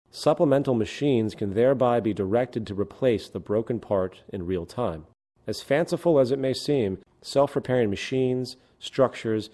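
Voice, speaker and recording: Low, mellow-voiced male documentary narrator.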